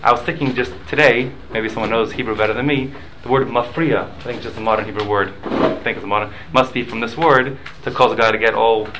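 A man at an ordinary middle pitch leads a relaxed study class. He works through a text in a conversational way, slipping in Hebrew and Aramaic study terms as he goes and checking in with his listeners. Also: fast talker, few pauses, background noise. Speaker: Talmud class teacher. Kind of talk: casual study-class lecture.

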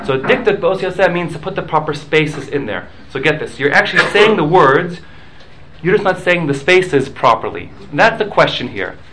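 A man's voice: on the high side, lively intonation, moderate pace, noisy background. A man leading a casual study class, explaining points patiently, mixing in Hebrew and Aramaic study terms and checking in with listeners. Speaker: Talmud class teacher.

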